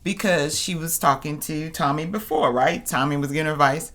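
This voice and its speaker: A woman co-hosting a casual show recap, playful and quick with jokes and laughter. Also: low voice, a bit bright. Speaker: co-host.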